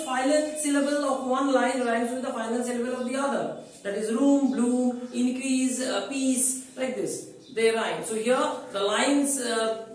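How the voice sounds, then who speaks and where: Teacher in an echoey room. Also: male voice, very high voice, distant mic, a little hiss or hum. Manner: explanatory, repetitive, stressing key words. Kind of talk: line-by-line poetry lecture.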